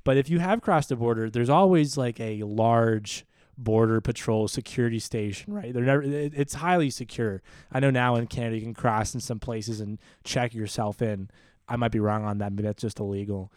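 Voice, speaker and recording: Man, podcast co-host, casual storytelling, stammering restarts, smooth resonant voice, dry close mic. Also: mid-range voice, moderate pace, no echo. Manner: animated, rambling, stammers and restarts.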